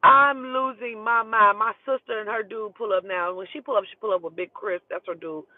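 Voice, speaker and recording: A woman's voice: medium pitch, steady tone, a little fast, no room sound. A woman telling a story in a casual, profane and emphatic way. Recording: tinny phone line, dry.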